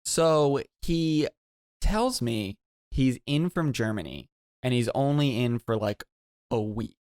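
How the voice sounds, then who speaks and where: A man co-hosting a podcast, telling a long story in a rambling, animated way and jumping into high voices when quoting people. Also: slow, no echo, studio quality. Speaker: podcast co-host. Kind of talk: casual storytelling.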